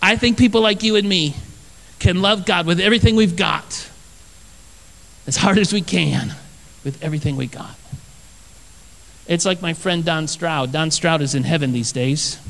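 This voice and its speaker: High-voiced man preaching in a big reverberant hall. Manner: earnest, lively storytelling with repeated phrases. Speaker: pastor. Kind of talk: sermon with personal storytelling.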